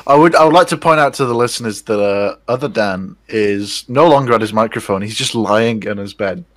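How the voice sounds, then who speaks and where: A man's voice: fairly low pitch, brisk, dry recording. A man hosting a casual podcast chat, rambling and restarting his sentences while teasing his friends. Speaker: podcast host.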